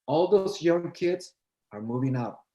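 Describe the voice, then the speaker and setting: An older man with a fairly high voice tells a long story in a relaxed chat. He acts out every voice in it, lively and expressive. The room around him is echoey. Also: measured pace. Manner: animated, acts out both sides of remembered dialogue. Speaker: guest, choreographer and dancer.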